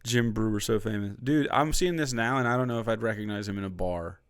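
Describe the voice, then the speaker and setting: A man livestreams his reaction to a clip, sarcastic and profane, laughing at what he watches. His voice sits at an ordinary middle pitch. The sound is dry and close, with no room around it. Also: animated, fast talker, a bit bright, smooth, dry recording. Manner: mocking, sarcastic, laughs often. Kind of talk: profane live-stream reaction commentary.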